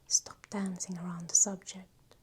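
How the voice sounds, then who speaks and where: A woman's voice: medium pitch, flat delivery, unhurried, dark tone, a little hiss or hum, lightly acted. A woman voicing a massive battle-scarred male orc who speaks harshly, in a whispered role-play. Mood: impatient. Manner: harsh, scolding.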